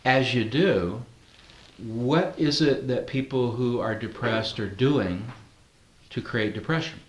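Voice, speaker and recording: A man's voice: medium pitch, slow, roomy sound. A man leading a training class, talking conversationally and asking the group questions. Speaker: NLP trainer. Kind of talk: classroom teaching.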